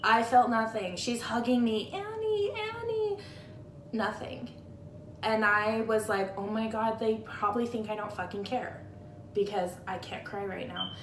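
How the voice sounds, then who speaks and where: Here a guest friend discusses a loss in a casual, candid ramble thick with "like." Her voice is mid-range, steady and a bit bright at a normal pace, recorded on a tablet camera in an echoey room with a little hiss or hum.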